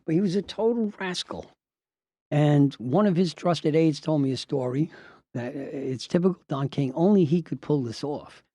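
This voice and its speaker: An older man, a retired judge, tells wry, animated anecdotes and acts out the people he quotes. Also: a little high, normal speed, no room sound, studio quality. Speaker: retired judge and lawyer telling stories. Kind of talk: anecdotal storytelling.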